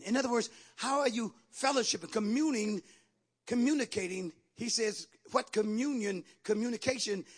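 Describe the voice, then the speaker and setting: A man preaching a sermon in call-and-response style, rising from a low, quiet delivery to loud shouting. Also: breathy edge.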